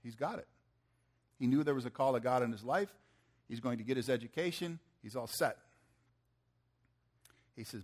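A man's voice: mid-range voice, normal speed, long pauses. A middle-aged man preaching, telling a folksy story and acting out the people in it. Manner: folksy, animated storytelling with acted-out quotes. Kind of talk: sermon storytelling.

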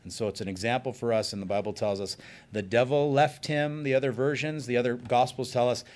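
A male pastor giving an earnest sermon, slowing down to stress key points. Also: medium pitch, fairly even intonation, a little mellow. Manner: earnest, emphatic preaching with slowed stresses.

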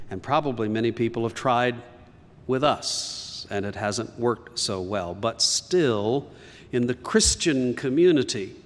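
A man's voice: mid-range voice, big-room sound. A man preaching a sermon as pastor, earnest and emphatic, rising on key lines.

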